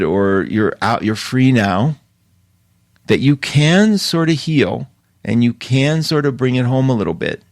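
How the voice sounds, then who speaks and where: A man's voice: mid-range voice, dry recording. Male host, casual and rambling, laughs a lot, dry close sound, mid-range voice. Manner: chatty, rambling, laughs often. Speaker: astrology show host. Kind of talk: casual live-stream talk.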